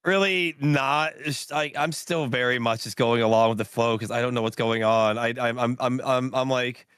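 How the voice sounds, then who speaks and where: A man's voice: mid-range voice, normal speed, a bit bright, smooth, dry recording. Stammering man playing a tabletop game. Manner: stammering restarts, loose and casual. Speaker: player. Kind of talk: casual chat in a tabletop game.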